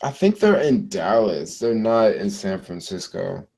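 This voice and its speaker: Laid-back low-voiced man vlogging. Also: sing-song, measured pace, creaky, darkish tone, poor audio. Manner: rambling, offhand, talks straight to viewers. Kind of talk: casual vlog chat to viewers.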